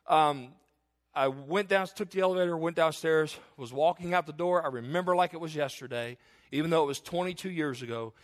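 A middle-aged pastor speaks earnestly in a sermon, recounting something from his own life. His fairly high voice moves briskly, swelling into emphatic declarations and sinking into hushed passages.

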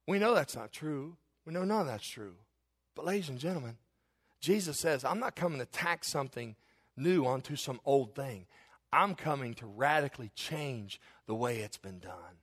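A man preaching a sermon as pastor, emphatic and rising into loud bursts. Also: a little high.

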